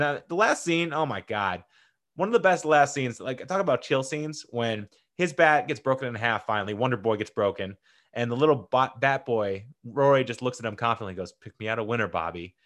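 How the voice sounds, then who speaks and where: A man hosting a casual movie countdown, talking in an excitable, gushing way with many fillers and restarts. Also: medium pitch. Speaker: movie list host.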